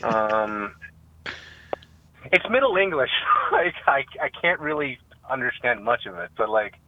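A man's voice: mid-range voice, sing-song, unhurried, background noise. A young man with a New York accent, calling into a radio show and rambling with many fillers and restarts. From Staten Island, New York. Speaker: caller. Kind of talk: casual phone call. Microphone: phone. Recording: dry tinny phone line.

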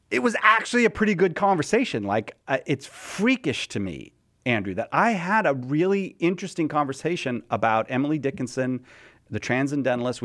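A man's voice: mid-range voice, fairly bright tone. A man hosting a podcast, telling a story in casual chat with many restarts and stumbles. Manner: mimics a cheerful chatbot voice in quotes. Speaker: podcast host.

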